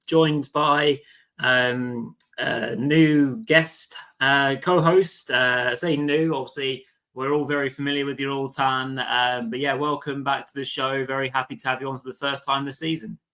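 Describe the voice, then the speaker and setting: A man hosting a live fantasy football show, chatty and relaxed, with lots of fillers and restarts. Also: medium pitch, rough recording. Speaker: host.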